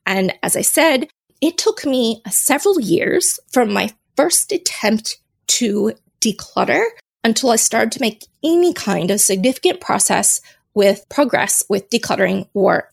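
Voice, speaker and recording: A woman's voice: fairly high pitch, gravelly. A woman hosting her own podcast, talking casually and laughing at herself. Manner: chatty and self-mocking, laughs at herself. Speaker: podcast host. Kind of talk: casual solo podcast talk.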